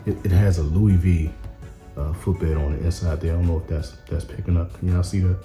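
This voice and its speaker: A man casually reviewing sneakers on camera, relaxed and rambling with many fillers. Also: sits low, fairly quick, echoey room, faint music behind. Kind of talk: casual product review vlog. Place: indoor room with camera. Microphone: camera mic.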